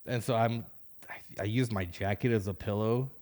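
A man's voice: on the low side, fairly even intonation, normal speed, a little mellow. A man co-hosting a casual podcast, teasing his co-host and laughing often. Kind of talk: casual chat.

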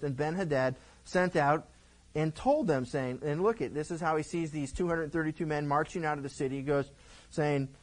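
A man pastor teaching the Bible verse by verse, retelling the story with lively, acted-out lines for its characters. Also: fairly high pitch, rough recording.

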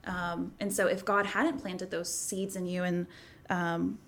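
A young woman interviewing a guest, talking gently and casually with many fillers. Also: lowish voice, flat delivery, unhurried. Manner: gentle, filler-heavy, lots of likes and ums. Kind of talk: casual faith conversation.

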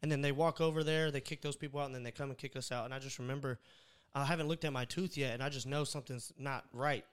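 A man's voice: medium pitch, quick pace, smooth. A man telling a rowdy story in a casual podcast chat, swearing freely and acting out what people said. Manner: animated, swears a lot, acts out quotes. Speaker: podcast host.

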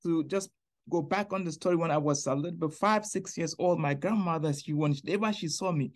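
Earnest man, higher-pitched voice. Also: a little fast. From Niger. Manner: earnest, animated storyteller who acts out quoted voices. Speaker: podcast guest. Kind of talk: personal faith testimony, casual storytelling.

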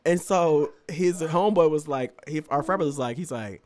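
A man's voice: on the high side, fairly quick. A man co-hosting a podcast, telling a long funny story in casual chat, laughing often and acting out what people said. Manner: animated storyteller, laughs often, acts out quotes. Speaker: podcast co-host.

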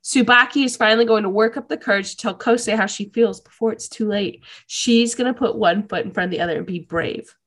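A young woman co-hosting a podcast, recapping an anime episode in gushing, animated casual chat. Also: mid-range voice, fairly quick, hardly any pauses. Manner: gushing, animated storytelling with laughs. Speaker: podcast co-host.

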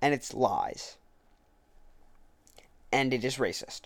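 A man's voice: mid-range voice, takes it slowly, vocal fry, no echo. Man arguing back at a speech. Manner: argumentative, self-correcting. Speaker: political commentator. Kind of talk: reading a speech aloud and commenting on it.

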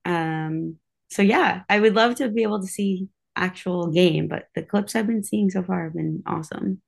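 Chatty young woman, low for a woman. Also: normal speed, vocal fry. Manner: chatty, filler-heavy with frequent "like" and "um". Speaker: guest; cheerleader for a pro basketball team. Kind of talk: casual podcast chat.

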